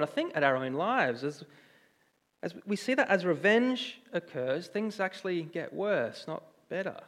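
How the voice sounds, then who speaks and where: A young man preaching a sermon in a chatty, animated storytelling way, with restarts. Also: fairly high pitch. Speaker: pastor. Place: church hall. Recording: long church reverb.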